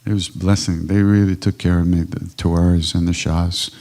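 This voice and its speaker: Deep gravelly older man telling stories. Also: level tone, fairly quick. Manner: warm anecdotal storytelling, casual and conversational. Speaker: kirtan teacher answering questions. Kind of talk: storytelling talk at a retreat Q&A. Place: ashram hall at a live retreat.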